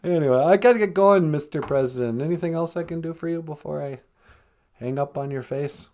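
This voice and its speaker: A man's voice: on the high side, fairly quick, dark tone, lightly acted. A man putting on the voice of a confused elderly male president who mumbles, trails off and gets sidetracked. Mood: rambling.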